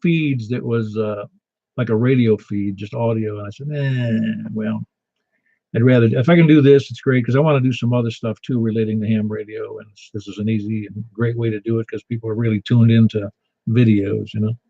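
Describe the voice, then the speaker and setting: An older man from Niagara Falls, New York, running a ham radio net and chatting easily with callers, poking fun at himself as he tells stories. His voice is mellow and relaxed, set in a dry room with nothing behind it. The audio sounds a little dull and lo-fi. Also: fairly low pitch, a little fast, no echo. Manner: chatty, self-deprecating storyteller with restarts. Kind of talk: casual on-air radio chat.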